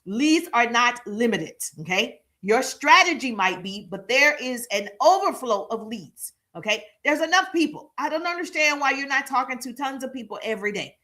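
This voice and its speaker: Woman, live-stream marketing coach; bright, forceful hype delivery, call-and-response with viewers. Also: high voice, animated, normal speed, hardly any pauses. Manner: repeats phrases for emphasis. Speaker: social media marketing coach.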